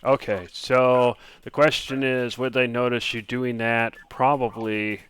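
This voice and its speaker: A man narrating a tabletop game as game master, halting often with ums and uhs. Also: mid-range voice, level tone, fairly bright tone, clean tone.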